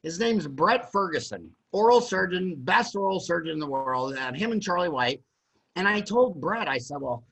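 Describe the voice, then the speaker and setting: Middle-aged American dentist host, high bright voice, blunt and rambling, video call. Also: male voice, expressive, moderate pace, vocal fry, low-quality recording. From USA. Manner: blunt, rambling and emphatic with many restarts. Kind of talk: opinionated panel discussion.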